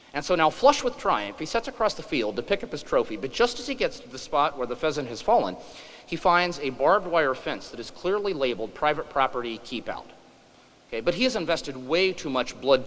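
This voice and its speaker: A man's voice: mid-range voice, fairly bright tone. A middle-aged man from western Kansas giving a humorous speech at a conference, with emphatic, joking asides. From western Kansas, USA. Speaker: conference speaker. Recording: echoey hall.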